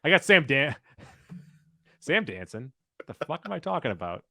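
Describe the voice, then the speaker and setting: Bright animated man counting down sketches. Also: on the high side, vocal fry, no echo, studio quality. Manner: announces rankings, quick asides. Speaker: podcast co-host. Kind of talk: casual chat ranking comedy sketches.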